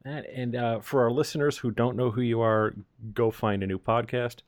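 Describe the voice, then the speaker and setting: A man's voice: medium pitch, moderate pace, no echo, studio quality. A man hosting a podcast, reading the intro and then ribbing his guest in casual chat. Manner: joking, upbeat. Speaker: podcast host. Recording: podcast with guitar music behind. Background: guitar music in the intro.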